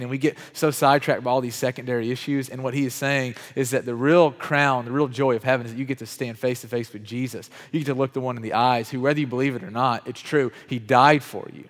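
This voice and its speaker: A man giving a sermon in a conversational way, calling on people in the room by name and building louder on key points. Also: mid-range voice, steady tone, quick pace, hardly any pauses. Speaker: pastor. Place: church hall with chairs. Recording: reverberant hall, at times off mic.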